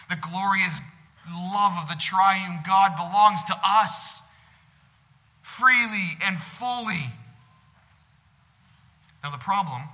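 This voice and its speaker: A man preaching a sermon in a bright, cutting voice that sits a little high for a man. He is earnest, rising to loud peaks and sinking to quiet stretches. The sound rings out with a long hall echo. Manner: earnest preaching, swells louder on God's love and drops soft on comfort. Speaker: pastor. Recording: echoing hall.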